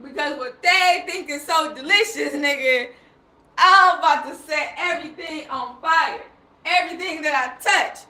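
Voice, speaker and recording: A woman's voice: sits high, unhurried, bright, forceful tone. A woman speaking on a live stream in an emphatic, rambling, profane monologue. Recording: echoey room.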